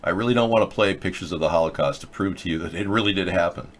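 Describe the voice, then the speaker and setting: A middle-aged man talks through a loose, rambling monologue as host of his own show. His voice sits low, and his tone turns sarcastic as he jumps from one topic to the next. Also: quick pace.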